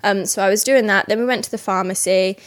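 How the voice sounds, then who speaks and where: A woman's voice: medium pitch, fast. Chatty woman hosting a podcast. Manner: chatty, animated storytelling with frequent restarts. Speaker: podcast host. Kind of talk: casual solo podcast chat.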